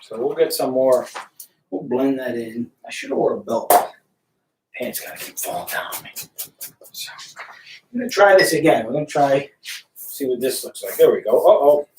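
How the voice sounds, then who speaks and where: A man's voice: medium pitch, big pitch swings, normal speed, long pauses, recorded from a distance, a little hiss or hum. A man chatting casually during a live painting stream, thinking aloud as he works. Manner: rambling, thinking aloud, greets viewers. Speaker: painter livestreaming. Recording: roomy, from off the mic.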